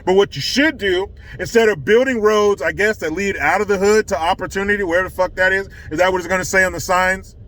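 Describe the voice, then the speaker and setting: A man's voice: high-pitched, fast, few pauses, fairly bright tone. A man giving a sarcastic, profane rant as a vlogger. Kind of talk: ranting commentary. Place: California.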